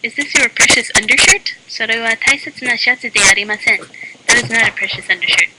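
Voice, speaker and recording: A woman reading a mock language lesson in a deadpan voice, dropping dry joke asides between the examples. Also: on the high side, fast. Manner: deadpan, flat-voiced delivery. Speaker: lesson narrator. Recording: loud constant background hiss.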